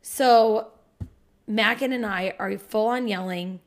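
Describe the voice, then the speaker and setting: A woman in her thirties co-hosting a casual podcast, telling a story loudly and animatedly, swearing often. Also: mid-range voice, slow. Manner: loud, profane, animated storytelling. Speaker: podcast co-host. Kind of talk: casual couple podcast chat.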